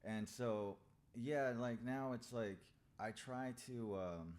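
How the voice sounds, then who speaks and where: A man speaking as a podcast guest, telling his own story in a candid, halting, confessional way and swearing freely. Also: medium pitch, darkish tone.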